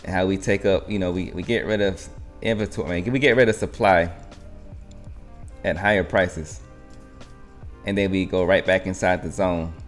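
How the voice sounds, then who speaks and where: A man's voice: sits low, fairly even intonation, moderate pace, long pauses, soft background music. A man hosting a live trading stream, narrating market moves in a rambling, think-aloud way.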